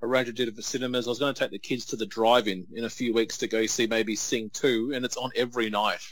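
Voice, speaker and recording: This is a man, chatting on a podcast in a relaxed, enthusiastic way and filling his talk with "like." His voice sits at a medium pitch. It is recorded close and dry. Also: quick pace, no room sound. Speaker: podcast co-host. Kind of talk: casual chat.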